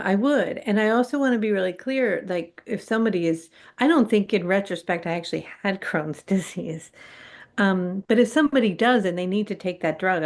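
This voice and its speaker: A woman's voice: on the low side, gravelly. A middle-aged woman, a guest on a spiritual talk show, telling her personal story candidly and animatedly, acting out her own past reactions.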